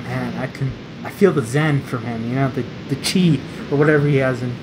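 A man's voice: medium pitch, steady tone, brisk, noisy background. Rambling laid-back podcast guy. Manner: rambling, laughs often, mimics voices. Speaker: podcast co-host. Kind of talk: casual late-night podcast chat. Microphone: podcast mic.

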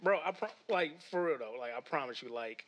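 A young man from Kansas City sits in as a podcast guest, relaxed and quick to laugh. His voice has a fairly bright edge, and he talks in easy casual bursts. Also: on the high side. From Kansas City area. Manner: laid-back, laughs often, says bro a lot. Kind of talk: casual chat.

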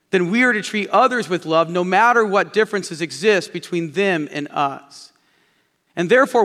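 High-voiced pastor in an echoing sanctuary. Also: male voice, fairly bright tone. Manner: storytelling preacher, repeating key phrases. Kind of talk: sermon. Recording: long hall reverb.

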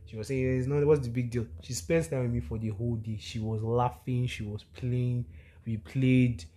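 A man's voice: mid-range voice, fairly even intonation, moderate pace, mellow. A young man hosting a solo podcast, talking animatedly and preachily with lots of rhetorical questions. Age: young adult. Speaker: podcast host. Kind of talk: casual solo podcast monologue.

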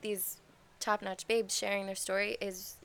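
Woman cohost rambling on, lots of likes and ums, a bit of vocal fry. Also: mid-range voice, level tone, unhurried, a bit bright. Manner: rambling, many fillers and restarts. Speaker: podcast co-host. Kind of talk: casual chat.

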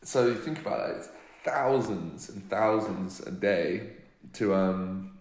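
A British man with a fairly low voice talks loosely about life as a touring DJ, peppering his speech with fillers. The recording has a roomy echo around him. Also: lively intonation, takes it slowly, a little mellow. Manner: loose storytelling, many fillers, laughs often. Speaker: touring DJ and musician. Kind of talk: casual interview chat.

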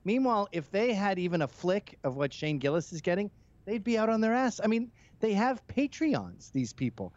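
A man's voice: high-pitched, sing-song, normal speed, dull audio. A man, a guest on a comedy talk podcast, speaking in a sardonic, mocking tone. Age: 30s or older. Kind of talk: casual podcast banter.

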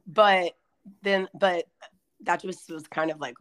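A woman's voice: lowish voice, fairly even intonation, slow, fairly bright tone. Scratchy-voiced woman hosting a podcast. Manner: upbeat, says "like" often. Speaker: podcast host. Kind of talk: casual podcast chat.

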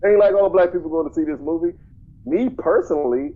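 A man's voice: a little high, fairly quick, narrow, tinny audio. A man co-hosting a casual movie podcast, blunt and opinionated, who often repeats himself. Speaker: podcast co-host.

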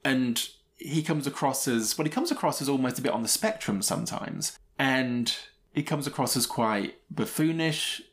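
A man's voice: mid-range voice, moderate pace, fairly bright tone. Chatty man reviewing films. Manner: chatty and opinionated, laughs often. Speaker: podcast co-host. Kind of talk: casual film review chat.

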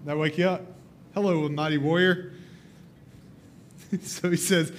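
Retelling a scripture story during a sermon, a man brings it to life by acting out what each character says. His pitch is fairly high, his pace moderate, and he leaves long pauses.

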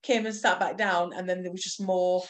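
A woman co-hosting a casual film podcast, chatting in an animated way with frequent restarts. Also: lowish voice, normal speed. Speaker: podcast co-host. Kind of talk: casual chat.

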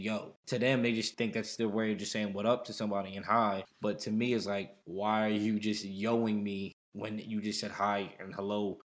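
Low-voiced male podcast co-host. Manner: animated storytelling, slips into quoted voices. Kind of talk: casual podcast chat.

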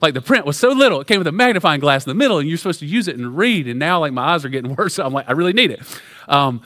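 A middle-aged male pastor delivering a sermon in a church. His voice sits a bit high for a man, and his pitch swings widely as he preaches. He talks in an energetic, conversational way, often restarting his sentences. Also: very fast. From American South. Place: church sanctuary.

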